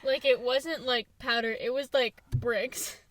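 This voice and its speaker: A woman's voice: a little high, fairly even intonation, unhurried, a bit bright, no echo. A young woman co-hosting a podcast, talking in a playful, chatty way with lots of fillers. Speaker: podcast co-host. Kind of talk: casual chat.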